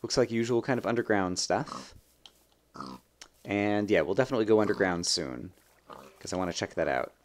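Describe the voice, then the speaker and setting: A young man hosting a let's play, chatting and thinking aloud as he plays, with sudden bursts of excitement. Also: fairly low pitch, normal speed, pauses often. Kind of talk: gameplay commentary.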